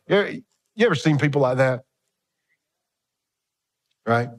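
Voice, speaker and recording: A man's voice: medium pitch, a little slow, pauses often. A man preaching a sermon as pastor, reading old scripture aloud and breaking into joking asides.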